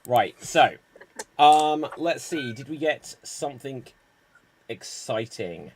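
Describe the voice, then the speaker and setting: A man hosting an online improv comedy show, explaining the games in a brisk, upbeat way. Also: mid-range voice, lively intonation, slight background noise.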